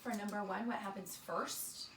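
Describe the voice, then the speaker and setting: A woman's voice: mid-range voice, moderate pace, fairly bright tone. Upbeat woman teacher in an echoey room. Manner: upbeat, encouraging, calls the children "friends". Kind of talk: teaching a small-group lesson. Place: indoor room with children nearby. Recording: roomy, distant, noisy.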